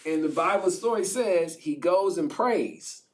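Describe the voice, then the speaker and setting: A man, a spiritual advisor guest, retelling a story in a lively, slangy way with laughs. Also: high-pitched, a little slow, far from the mic. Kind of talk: animated storytelling in casual chat.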